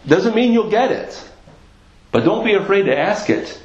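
A man's voice: high-pitched, lively intonation, normal speed, slight background noise. A man preaching a sermon as a pastor, earnest and repeating phrases for emphasis. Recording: echoey, dull lo-fi church recording.

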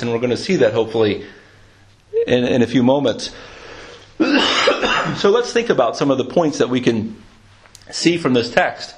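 A man preaching a sermon in a conversational way, often restarting his words and clearing his throat. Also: mid-range voice. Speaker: pastor.

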